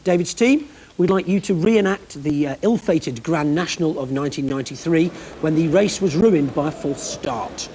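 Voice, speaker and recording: A man hosting a TV quiz show, reading scripted links with a wry, quick delivery. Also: a little high, warm tone, a little hiss or hum.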